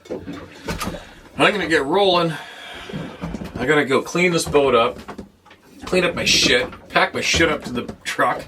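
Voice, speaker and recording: Background noise runs under this man's medium-pitched voice as he hosts his show from a boat. He rants bluntly to camera, swearing plenty and sounding exasperated.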